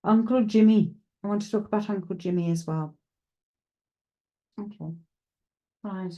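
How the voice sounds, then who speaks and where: During a live-streamed mediumship reading, a female psychic medium speaks directly to her unseen viewers, chatty and thinking out loud. Her mid-range voice is mellow and unhurried, and she pauses and restarts often as she works things through. The recording sounds muffled.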